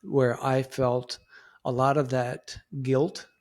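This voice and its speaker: A middle-aged man talks as a podcast guest in a plain, mid-pitched voice. He speaks reflectively and haltingly, restarting his sentences often as he works through his thoughts. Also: level tone, darkish tone. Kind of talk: conversational interview.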